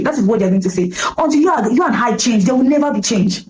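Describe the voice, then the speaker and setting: Fast-talking Nigerian woman preaching urgently. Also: on the high side, lively intonation, darkish tone, poor audio. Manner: emphatic, preachy, urgent pleading. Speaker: commentator. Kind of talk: passionate social commentary.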